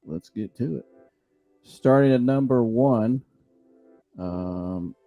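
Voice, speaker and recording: Animated young man hosting casual sports talk. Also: mid-range voice, takes it slowly, phone-quality sound, soft background music. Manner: animated storyteller, loud impressions. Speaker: podcast host.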